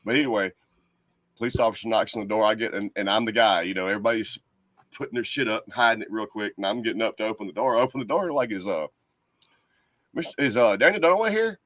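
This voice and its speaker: A man talks fast in a mid-range voice. He cracks jokes and tells his story with plenty of swearing, and the sound is dry and close. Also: fairly low pitch, fairly even intonation, a bit bright, no echo. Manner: quick, joking, interrupts with wisecracks. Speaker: podcast co-host. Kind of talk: casual chat.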